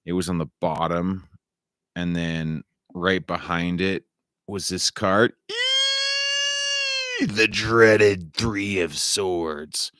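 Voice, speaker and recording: A man talks slowly in a loose, meandering solo monologue, looping back over his own phrases. His voice sits a little low and he swears now and then without weight. The sound is dry and close, with no room around it. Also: fairly even intonation, a bit bright, no echo. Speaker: vlogger.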